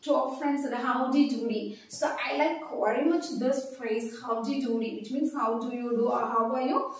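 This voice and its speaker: Woman English teacher, high voice, slow and repetitive with fillers; recorded from afar in a very echoey room. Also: a little mellow, distant mic. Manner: slow, repetitive, many fillers, stresses intonation. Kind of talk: casual spoken lesson.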